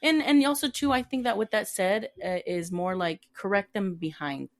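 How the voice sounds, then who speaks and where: A woman's voice: mid-range voice, moderate pace. A young woman, a podcast co-host who works as a corrections officer, telling stories casually and acting out the people she quotes. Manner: animated, acts out quoted inmates and coworkers. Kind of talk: casual storytelling chat.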